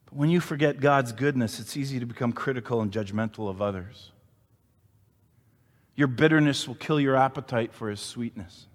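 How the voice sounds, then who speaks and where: A man preaching in an animated, storytelling way, swinging between loud, emphatic lines and quiet, hushed ones. His voice is mid-pitched, and a long hall reverb trails every phrase. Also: moderate pace. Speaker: pastor. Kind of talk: sermon.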